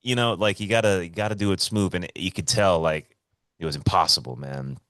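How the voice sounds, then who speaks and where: A man's voice: low-pitched, a little fast, fairly bright tone, no echo, studio quality. A man co-hosting a podcast over a remote call, telling stories in a laid-back, swearing, casual way. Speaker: podcast co-host. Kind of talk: casual chat.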